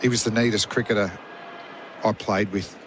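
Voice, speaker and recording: Chatty middle-aged ex-fast bowler. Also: male voice, lowish voice, steady tone, noisy background. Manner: chatty, rambling anecdotes with fillers. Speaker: former fast bowler, expert commentator.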